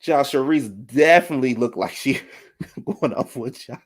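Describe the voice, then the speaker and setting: A man's voice: medium pitch, normal speed. A man giving a sassy reality TV reunion recap, flamboyant, shady and theatrical. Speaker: reality TV commentator.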